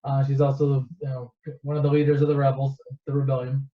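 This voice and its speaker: A man's voice: medium pitch, monotone. Rambling man retelling a movie, echoey room. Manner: rambling, swears, restarts, quick asides. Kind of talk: casual comedic movie retelling. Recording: echoey, dull lo-fi room recording.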